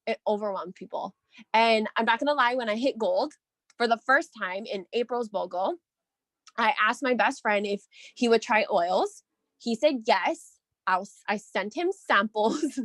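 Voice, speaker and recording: Woman, team coach, energetic and chatty, slightly high voice, dry close sound. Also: no room sound. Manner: energetic, chatty, often checks in with "right?". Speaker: team leader coaching her sales team. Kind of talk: motivational team call.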